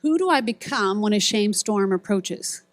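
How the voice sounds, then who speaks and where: A woman's voice: medium pitch, animated, moderate pace, no echo. A middle-aged woman giving a sermon at a retreat, telling stories and acting out quoted voices and buzzer sounds. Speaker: speaker at a ministry retreat.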